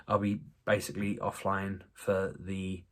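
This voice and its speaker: A vlogger talks casually to camera, rambling and self-deprecating, restarting his sentences many times. His voice is low, monotone and a little slow.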